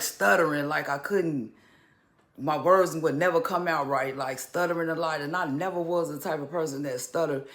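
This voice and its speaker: A man talking casually to camera in a vlog, halting and restarting, with occasional stutters. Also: fairly high pitch, fairly bright tone. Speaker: vlogger.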